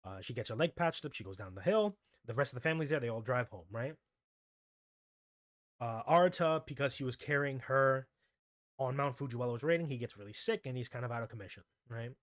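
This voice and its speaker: A man's voice: mid-range voice, a bit bright, no room sound. Rambling man recapping an anime, dry sound. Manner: rambling, keeps adding "right?" and restarts. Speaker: anime commentary host.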